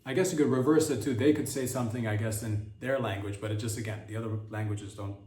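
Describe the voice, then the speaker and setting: A man's voice: lowish voice, steady tone, fast, mellow, reverberant, recorded from a distance. A man hosting a comedy podcast, riffing in a rambling, crude monologue with mock-innocent asides.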